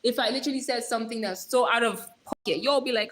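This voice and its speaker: A woman's voice: fairly high pitch, normal speed, a bit bright, slight background noise. A young woman hosting a live stream, chatting casually and teasing her viewers as she reads their comments, with slang and frequent laughs.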